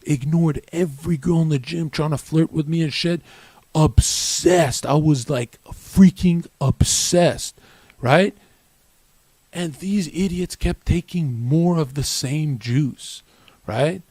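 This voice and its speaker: A man's voice: fairly high pitch, slow, a little mellow, no room sound. A young man streamer giving a brash, profane and boastful monologue to his viewers, often mimicking other people.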